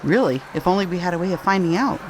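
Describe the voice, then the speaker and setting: A gullible shopper who swallows every ad claim, acted out in a comedy skit by a woman. Her mid-range voice is lively, with a faint hiss behind it. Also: lowish voice, quick pace, lightly acted. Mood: naive. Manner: naive, eager skit acting.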